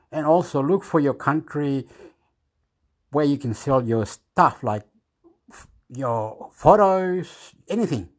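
A man vlogging into a phone at home, meandering and halting as he searches for words, chuckling often. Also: on the high side. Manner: meandering, keeps repeating "anyway", chuckles often. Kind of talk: rambling casual chat to camera.

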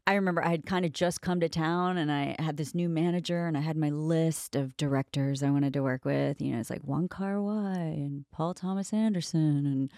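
Female host, deep-voiced, frank and blunt, swears freely, dry close mic. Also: steady tone, normal speed, hardly any pauses, warm tone, dry recording. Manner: candid, blunt storyteller who swears freely. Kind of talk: casual interview chat.

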